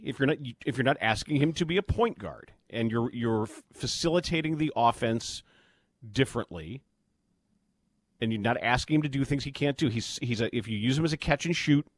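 A man's voice: mid-range voice, sing-song, normal speed, no room sound. A man hosting sports talk radio in a studio, bluntly ranting with exasperation. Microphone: studio mic.

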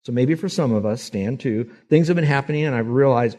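A male pastor preaching a sermon at a middle pitch for a man. He preaches emphatically, rising and falling as he presses a point, and often slips into the voices of the people he quotes. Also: brisk, a little mellow.

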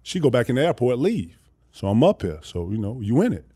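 A man telling stories as a guest in a casual chat, animated and profane, acting out what others said. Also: mid-range voice, brisk, husky. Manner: animated, profane, acts out quotes.

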